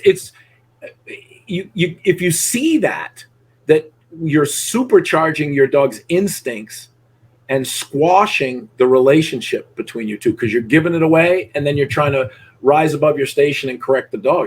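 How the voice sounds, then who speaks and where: A middle-aged man with a slightly rough, somewhat high voice works as a dog trainer, coaching a student in a live session. He's blunt and profane, and he voices his dogs and people as he goes.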